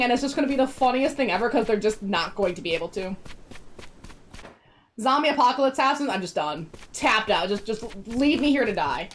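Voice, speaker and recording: A woman's voice: fairly high pitch, slight background noise. A woman streaming a video game, chatting casually in a rambling way and laughing often. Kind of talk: casual chat while gaming.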